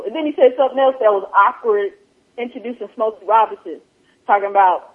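A woman with a husky voice chats casually, animated and laughing often as she keeps quoting herself. The sound is tinny and thin, like a phone line. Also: fairly high pitch, fairly quick. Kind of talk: casual podcast chat.

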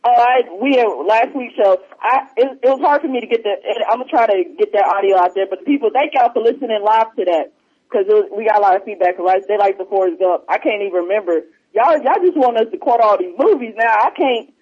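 A man's voice: sits high, fast, breathy edge. A man co-hosting a podcast in casual, rambling chat, retelling movie scenes between laughs. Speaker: podcast co-host. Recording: muffled lo-fi recording.

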